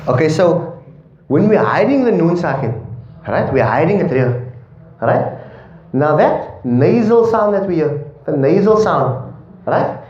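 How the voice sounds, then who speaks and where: Male recitation teacher, higher voice with a mellow tone, keeps checking in with the class, dull echoey room recording. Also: big pitch swings, a little slow, pauses often, slight background noise. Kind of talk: classroom tajweed lesson.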